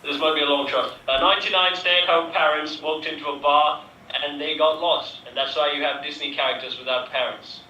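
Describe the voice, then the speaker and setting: Guy telling improv jokes, really bright voice, muffled and echoey. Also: a little high, fairly even intonation, a little fast, a little hiss or hum. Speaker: improv player. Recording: echoey, dull, distant mic.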